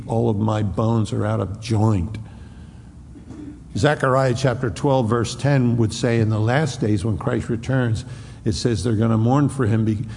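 A man preaching an expository sermon, acting out the Bible dialogue in a raised voice and dropping to a hushed tone on solemn lines. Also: medium pitch, gravelly, long reverb tail, slight background noise. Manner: acts out the dialogue between Pilate and Jesus in a raised voice. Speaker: pastor.

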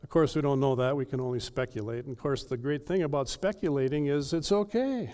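A male pastor preaching an earnest sermon with emphatic delivery and dramatic pauses. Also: mid-range voice, warm tone, clear, resonant tone.

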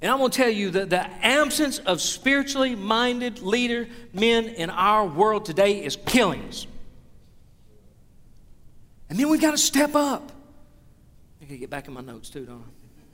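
Man, high-pitched pastor voice, earnest sermon that swells to emphatic pleas, long hall reverb. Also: lively intonation, moderate pace, long pauses, a bit bright. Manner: earnest, building to emphatic exhortation.

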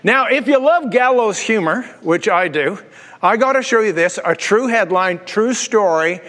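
A high-pitched male pastor preaches with energy, tossing out jokes and rhetorical questions. His voice rings through a large hall with a long reverb tail. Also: animated, measured pace, fairly bright tone. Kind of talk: sermon.

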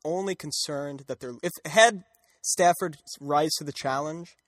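A man with a slightly high voice co-hosts a podcast in casual, joking chat. He laughs often and acts out the lines he quotes. His mic sounds dry and close. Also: measured pace, fairly bright tone, dry recording. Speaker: podcast co-host recapping a comic.

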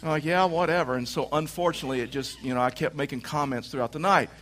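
Male preacher, plain middle voice, animated sermon storyteller, light background ambience. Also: medium pitch, fast talker, a little hiss or hum. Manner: animated storytelling, mimics his wife's voice.

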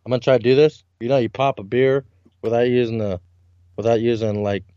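A man in his twenties co-hosting a casual podcast, laid-back and quick to laugh. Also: medium pitch, steady tone, warm tone, smooth, no room sound. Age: 20s. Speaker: podcast co-host. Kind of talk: casual beer-drinking podcast banter. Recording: dull lo-fi dry mic.

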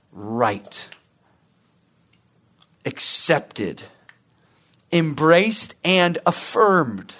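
A man preaching with earnest conviction, pressing his listeners with question after question. His voice sits a little higher than most men's. He circles back on words to drive each point home. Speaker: pastor. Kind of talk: sermon.

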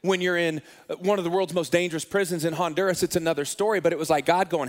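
A man's voice: fairly high pitch, steady tone, fast. Male pastor preaching in a reverberant hall. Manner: conversational, self-deprecating humor. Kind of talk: sermon with storytelling.

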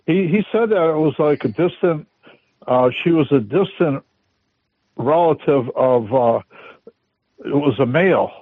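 A man calling in to chat, talking slowly and hesitantly over a tinny phone line. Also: on the high side, animated, breathy edge, no echo. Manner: slow, drawn-out, hesitant. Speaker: caller on a prayer line. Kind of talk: casual chat.

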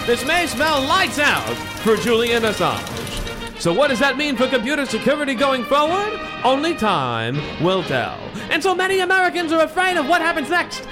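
Guy doing a booming overdramatic news anchor, pitched way up above his normal voice. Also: huge pitch swings, normal speed, hardly any pauses, music in the background, heavily acted. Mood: grandiose. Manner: booming, dramatic announcer delivery. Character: overblown male TV news anchor.

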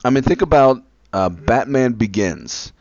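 A man in casual conversation, expressive with dry humor. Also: mid-range voice, a little slow, no room sound. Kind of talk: casual chat. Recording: dull lo-fi sound.

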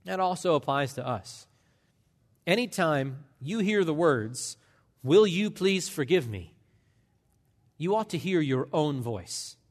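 Impassioned preacher in a reverberant sanctuary. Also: male voice, fairly high pitch, animated. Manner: impassioned, emphatic preaching with dramatic pauses. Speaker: pastor. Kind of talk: sermon. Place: large church sanctuary.

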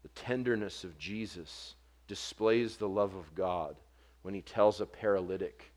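A man preaching a sermon, earnest, building to forceful emphasis and dropping soft on quoted words. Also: low voice, unhurried. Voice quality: short stature mentioned, not vocal.

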